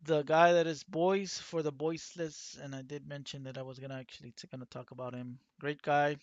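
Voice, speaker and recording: A man's voice: fairly high pitch, fairly even intonation, brisk, no room sound, dull audio. A man hosting his own channel, talking casually and rambling with many fillers and restarts. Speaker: channel host. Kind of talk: casual talk to camera.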